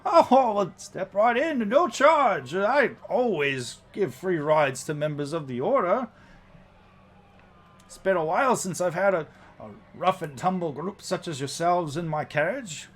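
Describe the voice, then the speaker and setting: A man putting on a chipper high-voiced warforged coachman. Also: expressive, a little slow. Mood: cheerful, courtly. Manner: high, bright, cheerful and courtly. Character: genteel male warforged coachman, polite and chipper.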